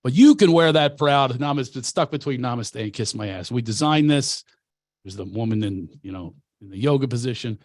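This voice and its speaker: A man's voice: medium pitch, expressive, normal speed, darkish tone, no room sound, clean studio sound. A comedian and coach from Philadelphia, a man telling brash, self-mocking stories in casual chat.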